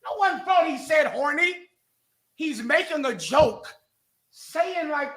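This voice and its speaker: A man hosting a live talk show, mocking and animated as he rants. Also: very high voice, slow pace. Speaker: host. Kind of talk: heated live radio commentary.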